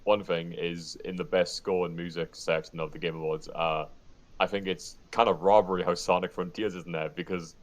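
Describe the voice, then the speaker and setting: A man in a casual podcast chat, relaxed and rambling as he lists details. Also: sits low, normal speed.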